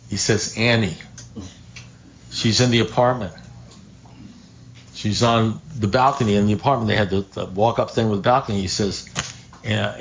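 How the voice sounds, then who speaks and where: A man speaking at a recovery meeting, telling a story in a loose, conversational way, with wry asides and restarts, acting out other people's lines. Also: lowish voice. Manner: acts out quoted dialogue. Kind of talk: storytelling talk to a live group. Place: meeting room at a recovery group. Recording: dull lo-fi room recording, faint noise.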